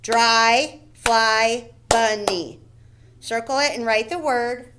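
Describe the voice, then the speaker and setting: A woman's voice: fairly high pitch, takes it slowly, a bit bright. A woman teaching a recorded phonics lesson to first graders, spelling words out letter by letter and checking in with "okay?" and "right?".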